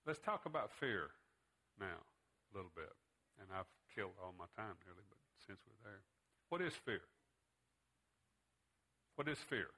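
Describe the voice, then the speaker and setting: A man's voice: lowish voice, very animated, measured pace, long pauses, bright, forceful tone. A man teaching a Bible class in a conversational way, putting questions to his students.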